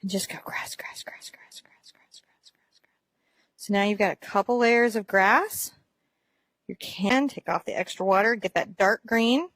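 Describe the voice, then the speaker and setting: A woman teaching a painting lesson in a gentle, encouraging way, describing each brushstroke as she works. Her voice sits at a middle pitch and is recorded dry and close, with no room sound. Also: no room sound. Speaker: art teacher.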